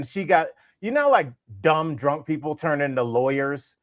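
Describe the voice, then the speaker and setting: A man's voice: fairly high pitch, measured pace, no echo, studio quality. A man in his forties, co-hosting a comedy podcast and telling a rambling story full of fillers. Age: 40s. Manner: rambling, animated anecdote-telling with frequent fillers. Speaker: podcast co-host.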